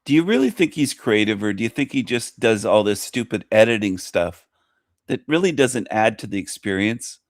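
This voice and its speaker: A man's voice: fairly low pitch, expressive, normal speed, dry recording. A man mocking a video he is reacting to, sarcastic and crude.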